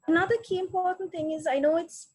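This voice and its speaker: A woman's voice: extremely high pitch, fairly even intonation, quick pace, darkish tone, rough recording. A woman giving a practical parenting webinar talk, offering example phrases and often checking in with "right?".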